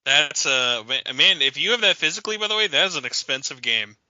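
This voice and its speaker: A man hosting a gaming podcast in casual chat, animated and quick to laugh. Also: on the high side, no room sound. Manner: animated, laughing, imitates others. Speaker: podcast host. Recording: dull lo-fi audio.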